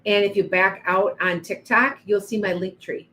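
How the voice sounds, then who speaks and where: A woman's voice: mid-range voice, steady tone, normal speed, bright, forceful tone, slight background noise, rough recording. A woman doing psychic readings on a livestream, chatting to viewers by name with frequent restarts. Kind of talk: live-stream reading and chat.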